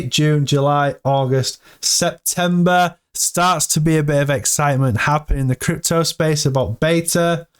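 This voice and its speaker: A man giving casual, excitable commentary to his viewers while reading through a crypto AMA. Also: on the high side, clean tone. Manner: excitable, hyped, talks to viewers as "team". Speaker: crypto vlogger.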